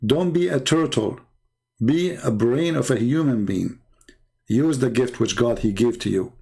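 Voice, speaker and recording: A man hosting a live debate channel, telling a mocking story in a sarcastic, jokey, animated way. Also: medium pitch, a little slow, gravelly, slightly rough.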